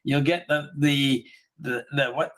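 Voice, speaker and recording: A man's voice: mid-range voice, fairly even intonation, takes it slowly, fairly bright tone. A man co-hosting a casual chat who rambles through a comedy retelling, laughing often and acting out the lines. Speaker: podcast co-host.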